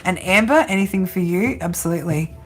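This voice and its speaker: A woman's voice: mid-range voice, normal speed, background noise. A woman hosting a casual live-stream tarot reading, chatty and giggly, often ending her lines with "right?".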